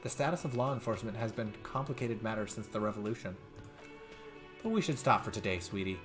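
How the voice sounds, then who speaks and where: A man voicing a kindly, motherly older woman in a video game, who talks softly and calls people dear. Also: on the low side, fast talker, over music, natural voice. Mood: gentle. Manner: soft, sweet, calls people dear and sweetie.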